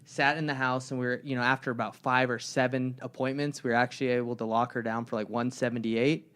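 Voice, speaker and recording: A man's voice: mid-range voice, flat delivery, quick pace, a bit bright, clean tone. A young man co-hosting a podcast, telling a long story in a loose, rambling way and acting out the people in it. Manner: rambling storyteller who acts out the people in his anecdotes. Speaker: podcast co-host. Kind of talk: casual podcast conversation.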